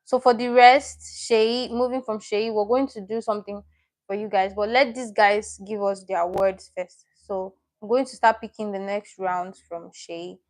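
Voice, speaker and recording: A woman's voice: medium pitch, steady tone, measured pace. A woman teaching a live online lesson in a chatty way, often repeating herself and correcting her own slips as she reads out viewers' names and comments.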